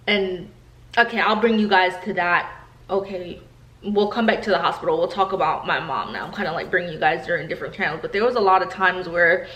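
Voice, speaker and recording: A woman in her thirties from New York shares personal stories in a candid, conversational vlog. Her voice sits a little low, and she keeps turning to address her viewers. The room around her rings with echo. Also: a bit bright. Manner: candid, chatty, often addresses viewers directly. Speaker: vlogger. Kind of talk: personal storytelling to camera. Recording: echoey room.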